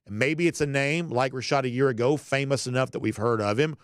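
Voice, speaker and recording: A man's voice: medium pitch, fast, no room sound, studio quality. A man hosting a college football podcast, talking in a conversational way with folksy asides. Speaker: podcast host. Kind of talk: sports commentary monologue.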